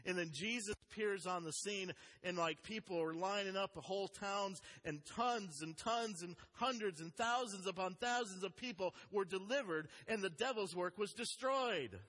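A man's voice: high voice, normal speed, few pauses, fairly bright tone. A man preaching a sermon as a pastor, speaking earnestly and reading scripture aloud with emphasis. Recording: long hall reverb.

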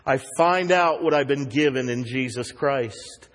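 A man preaching a sermon as pastor, earnest, rising higher and louder when he exhorts. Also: a little slow, in a large hall.

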